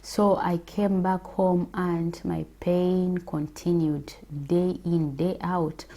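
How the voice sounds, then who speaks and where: A woman from Africa and a mother, telling her personal faith testimony in a slow, reflective way with hesitant pauses. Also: on the low side, level tone, dark tone. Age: adult with children.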